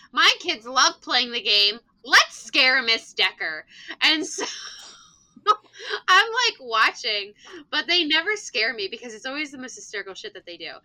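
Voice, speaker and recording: A young woman, a teacher, telling a classroom story in animated casual chat, swearing freely and acting out the voices. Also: sits high, low-quality recording. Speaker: elementary school teacher and podcast player.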